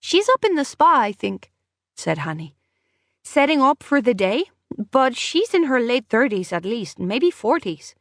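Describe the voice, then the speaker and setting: Brief: young female crew member, polite but firm, lifted pitch, audiobook, played by a woman reader. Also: big pitch swings, unhurried, no room sound, clean studio sound. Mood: politely firm.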